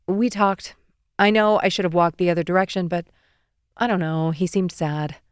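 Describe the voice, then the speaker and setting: A woman voicing a caring, fussing middle-aged mother on the phone, brisk and gently teasing. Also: lowish voice, fairly even intonation, smooth, no echo, clean studio sound, close to an everyday voice. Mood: motherly.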